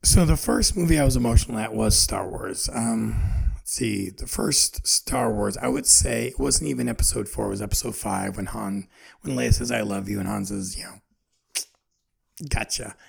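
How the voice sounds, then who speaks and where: A man in his forties talks through his feelings in a loose, earnest ramble, circling back on himself as he searches for words. His voice is rough and gravelly, with a husky edge on it. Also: mid-range voice, moderate pace. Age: 40s. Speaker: podcast host. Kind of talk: personal reflective monologue.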